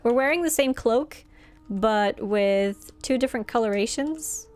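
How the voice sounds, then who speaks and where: A woman's voice: a little high, measured pace. A woman from Norway, chatting casually and giggling often while live-streaming a game.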